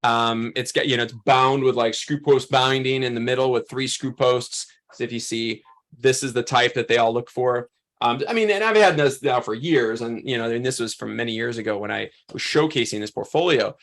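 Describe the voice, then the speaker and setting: A man teaching a photography workshop, telling a story in an animated, chatty way full of "like" and "um". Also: mid-range voice, moderate pace. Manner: animated, chatty, heavy use of "like" and "um". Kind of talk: storytelling lesson to a class.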